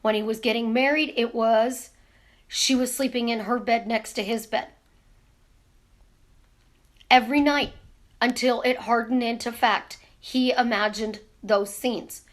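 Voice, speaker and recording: A woman coaching her viewers in a casual live stream, talking with her hands and firing off rhetorical questions. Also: fairly high pitch. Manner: animated, talks with her hands, asks rapid rhetorical questions. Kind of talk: casual teaching monologue. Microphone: camera in front of her.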